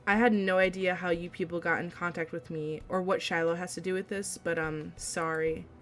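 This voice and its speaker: A woman reading the lines of a bored, unimpressed teenage boy in a flat, dismissive way. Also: fairly low pitch, normal speed, lightly acted.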